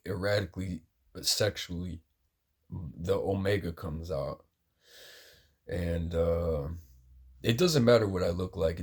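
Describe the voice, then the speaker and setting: A man's voice: deep voice, breathy edge. A man talking in a casual, rambling monologue, agitated and heavy on profanity.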